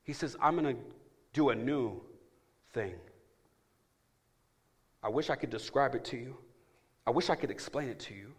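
A man's voice: mid-range voice, moderate pace, pauses often, breathy edge. A man preaching a sermon as pastor, emphatic and calling out to his congregation for responses. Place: church.

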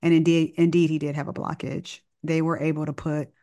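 Woman doctor, low voice, casual storyteller who slips into voices for the people in her story. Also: a little fast. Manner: animated, acts out dialogue in the story; casual, informal wording. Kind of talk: conversational storytelling.

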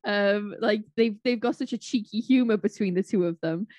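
A woman's voice: mid-range voice, moderate pace, a little mellow, no room sound. A woman co-hosting a casual chat show, gushing and chatty with fillers and laughs. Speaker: co-host.

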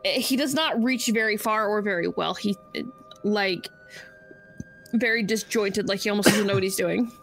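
A woman's voice: mid-range voice, normal speed, fairly bright tone, soft background music. A woman narrating as game master of a tabletop game, hesitant, with many fillers and restarts.

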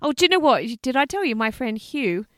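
A woman's voice: sits high, big pitch swings, brisk, fairly bright tone, no room sound, studio quality. A woman co-hosting a casual chat, giggly and playful, laughing often. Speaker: podcast co-host.

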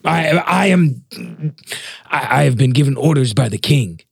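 A man's voice: medium pitch, expressive, moderate pace, vocal fry, slightly rough, no room sound, studio quality. A man playing a tabletop game with friends. He talks in a playful, joking way. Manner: playful, joking, laughs often.

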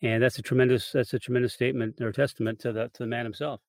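A man's voice: medium pitch, flat delivery, racing, a little mellow, no room sound. A man hosting a podcast interview, asking questions and agreeing with his guest in an easygoing way. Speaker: podcast host.

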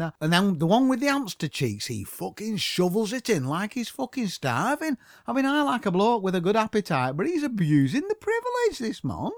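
A man's voice: sits high, no room sound, studio quality. A man, delivering a mocking comic rant full of swearing. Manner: swearing constantly, mocking, rambling.

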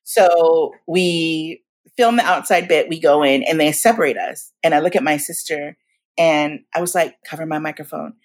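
A woman in her forties tells her stories as an interview guest, with a voice that sits a little low. She talks in a lively, slangy way and acts out what people said to her. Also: moderate pace. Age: 40s. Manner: animated, slangy, acts out quotes. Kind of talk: storytelling in a casual interview.

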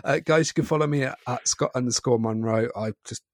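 A man's voice: mid-range voice, a little fast, no room sound, studio quality. A British man hosting a podcast, chatting casually and rambling with apologetic digressions. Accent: British English. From Britain. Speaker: podcast host.

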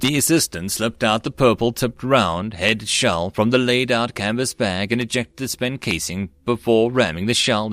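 Low-voiced man reading an audiobook. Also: a bit bright, no room sound. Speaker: audiobook reader. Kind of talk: audiobook narration.

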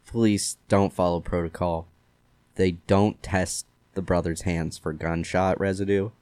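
A low, clear, resonant voice belongs to a man hosting a casual true-crime podcast, who retells the case loosely at a measured pace. His relaxed storytelling is heavy with "like." It's a dry recording.

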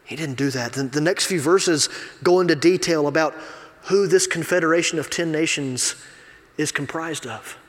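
Male assistant pastor, confessional sermon delivery, slightly raised pitch, echoing sanctuary sound. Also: normal speed. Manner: confessional, conversational, swings from quiet asides to loud emphasis. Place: church sanctuary. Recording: long reverb of a church hall.

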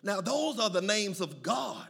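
Gravelly, high-voiced preacher. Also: male voice, very animated, unhurried. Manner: building to shouted, chanted call-and-response preaching; playful asides to the congregation. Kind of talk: sermon.

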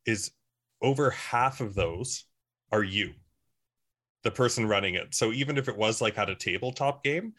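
Dude player, kinda low voice but forceful and bright, lots of uh and um. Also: male voice, normal speed. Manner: hesitant, filler-heavy. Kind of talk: casual podcast chat.

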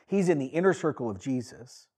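Male pastor, husky voice, animated preaching with dramatized quotes. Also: mid-range voice, fairly quick. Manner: animated, acts out quoted lines with rising emphasis. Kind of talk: sermon.

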